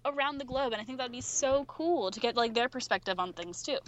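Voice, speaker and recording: A woman's voice: a little high, a little fast. A young woman chatting as a podcast guest, full of "like" fillers. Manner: chatty, heavy use of "like" fillers. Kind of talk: casual podcast chat.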